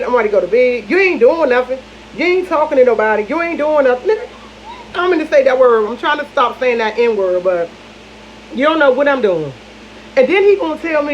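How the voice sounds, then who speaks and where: Chatty woman with a dull, lo-fi sound. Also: fairly high pitch. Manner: animated gossip, repeats lines for emphasis, talks to viewers as "y'all". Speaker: vlogger. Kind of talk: casual storytime chat to viewers. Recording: dull lo-fi audio with faint noise.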